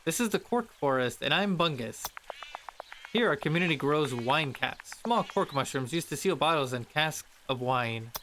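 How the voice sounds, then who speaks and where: A man's voice: fairly high pitch, lively intonation, normal speed, sharp tone, a little hiss or hum. Man doing a jolly mock-French mushroom master. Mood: proud. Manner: theatrical, chuckling "ho ho ho". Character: jolly male lutin mushroom master, self-important.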